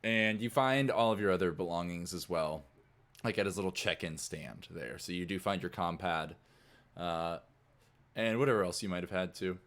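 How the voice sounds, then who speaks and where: Brief: man as game master, low voice, loose, rambling narration. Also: normal speed, a bit bright. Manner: loose, rambling storytelling full of "like".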